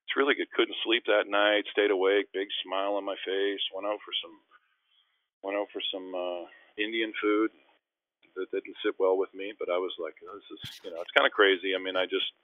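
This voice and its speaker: A man being interviewed, telling stories in a rambling, animated way and acting out the people he quotes. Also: sits low, moderate pace. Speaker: interview guest. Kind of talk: casual storytelling. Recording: phone-like, dry line.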